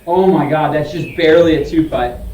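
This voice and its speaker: A man's voice: a little high, moderate pace, a little mellow, a little hiss or hum. A man streaming his golf simulator round, talking casually to himself and swearing bluntly as he urges his shots on. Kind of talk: casual live-stream self-talk. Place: indoor golf simulator bay. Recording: echoey room, distant mic.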